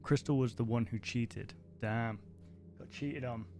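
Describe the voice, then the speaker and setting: A man's voice: unhurried, over music. Casual man reading aloud on stream. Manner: reads in a low voice, breaks off into casual asides. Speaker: streamer reacting to a horror series. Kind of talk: live-stream reaction, reading text aloud.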